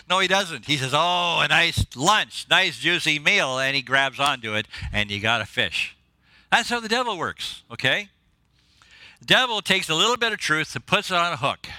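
Guest preacher, male, bright and a touch high, excitable and laughing at his own jokes, dry close sound. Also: moderate pace, no room sound. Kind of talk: sermon. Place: church.

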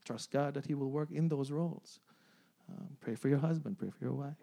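A man's voice: mid-range voice, a little fast, gravelly, warm tone. A man in his forties preaching a sermon, often repeating phrases, asking the congregation "amen?" and "right?", and laughing along. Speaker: pastor.

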